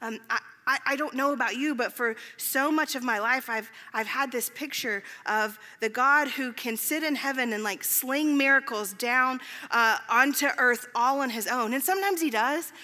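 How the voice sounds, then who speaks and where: A woman preaching a sermon, telling stories in a conversational, animated way with filler words. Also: sits high, normal speed, hardly any pauses. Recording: long hall reverb.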